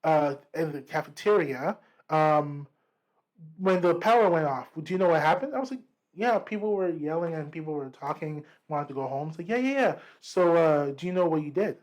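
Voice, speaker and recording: A man co-hosting a podcast, telling a story in casual chat, lively and profane, acting out what people said. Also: a little high, normal speed, low-quality recording. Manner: animated, profane, acts out quotes. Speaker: podcast co-host.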